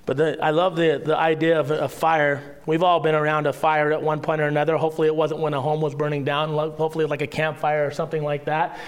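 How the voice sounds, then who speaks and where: A male pastor delivers a sermon in a loose, conversational style. His voice sits high for a man. He asks the room questions, wanders into asides, and sinks to a hushed tone to drive a point home. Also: level tone, quick pace, few pauses. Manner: drops to a hushed voice for emphasis.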